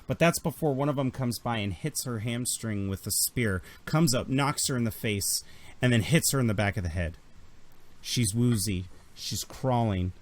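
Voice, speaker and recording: A man's voice: medium pitch, normal speed. A man narrating as game master in a tabletop game, telling the scene vividly and dramatically.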